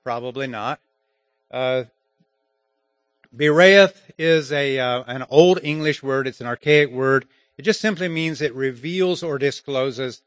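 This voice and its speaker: Slow, halting male preacher. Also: mid-range voice, no room sound, faint music behind. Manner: halting, many fillers. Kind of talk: sermon.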